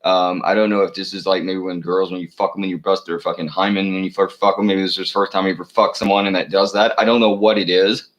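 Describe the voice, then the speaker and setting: Low-voiced man ranting, profane and rambling. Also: little pitch movement, quick pace, few pauses, fairly bright tone, poor audio. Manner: profane, meandering, many fillers and restarts. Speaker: channel host. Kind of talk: rambling solo rant.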